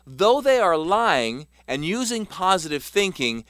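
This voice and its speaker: Bright, crisp male narrator. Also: high-pitched, very animated, measured pace, dry recording, clean studio sound. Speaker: author narrating his self-help book. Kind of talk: scripted narration.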